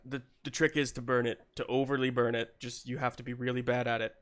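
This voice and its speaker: A man's voice: medium pitch, level tone, a bit bright, soft background music, lightly acted. A man voicing a sentimental older male mentor who stammers fondly through his words. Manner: halting, stammering, affectionate.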